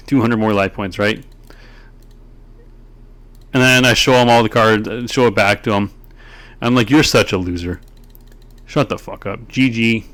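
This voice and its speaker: A man's voice: fairly low pitch, fairly bright tone. A man commenting on a card game replay, ranting in an exasperated, profane way as a video creator.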